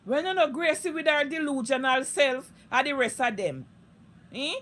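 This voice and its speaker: A woman's voice: sits high, lively intonation, moderate pace, fairly bright tone. A Jamaican woman streaming live on social media, delivering a heated, profane, repetitive rant in thick Patois.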